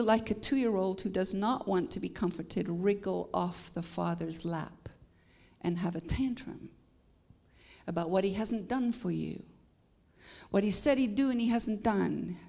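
Canadian woman preacher with gravelly fry. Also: mid-range voice, dark tone. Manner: preaching with rising emphatic peaks and humor. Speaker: guest preacher. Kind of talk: sermon.

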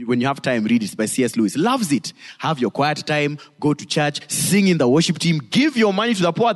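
A man preaching a sermon as pastor, emphatic, with sudden swings into high, dramatic delivery. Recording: long reverb of a church hall.

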